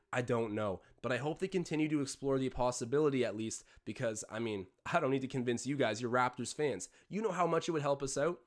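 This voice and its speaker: Chatty young man calling a game live. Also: medium pitch. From Canada. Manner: rambling, chatty, jumps between play-by-play and tangents. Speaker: live-stream host. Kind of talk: casual live watch-along commentary.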